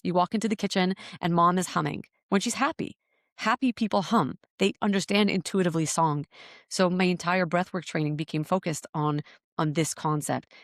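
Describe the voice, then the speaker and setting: A woman's voice: lowish voice, no echo, clean studio sound. A woman guest on a podcast telling her story in an earnest, searching way, often repeating words as she thinks. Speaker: podcast guest, breathwork teacher. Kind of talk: reflective interview storytelling.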